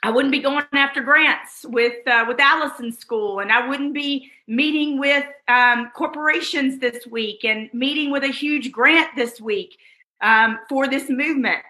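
A woman with a high, bright, forceful voice gives a motivational lesson straight to her listeners. She leans on repetition for emphasis and speaks fondly to them. The sound has a roomy echo. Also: unhurried. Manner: emphatic, repeats phrases for effect; addresses listeners fondly and directly. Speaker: online course instructor. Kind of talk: motivational teaching talk.

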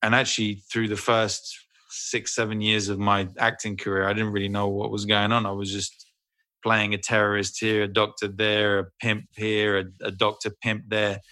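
A man telling a casual, animated, self-deprecating story as an interview guest, swearing freely. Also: lowish voice, moderate pace. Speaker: voice actor guest.

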